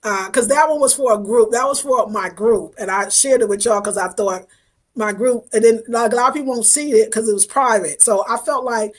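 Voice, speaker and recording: A woman's voice: on the high side, a little fast. A woman hosting a casual livestream, thanking viewers by name in an effusive, affectionate way, her voice wavering with emotion at times. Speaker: livestream host reading viewer comments.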